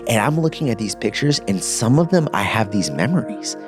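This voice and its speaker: A man in his thirties, a podcast guest giving a casual, animated personal testimony, dropping slang as he talks. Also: mid-range voice, brisk, faint music behind. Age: 30s.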